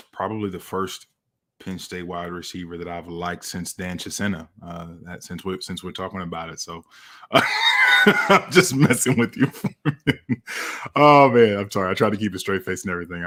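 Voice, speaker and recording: A man with a very deep voice moderates a casual podcast. He ribs his co-hosts playfully and passes them the next question. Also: fairly bright tone. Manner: playful, teasing, hands off questions.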